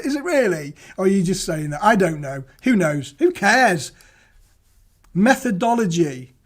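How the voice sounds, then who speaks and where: Bantering high-voiced man hosting live news. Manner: jokey, chatty, reads viewer comments aloud and laughs at himself. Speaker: host of a live property news stream. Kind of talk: casual live-stream news chat.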